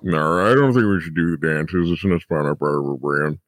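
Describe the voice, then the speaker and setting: A man guesting on a podcast, goofy and quick to laugh, trading jokes in casual banter. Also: rumbling low, no echo, studio quality. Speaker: podcast guest, band member. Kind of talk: joking banter.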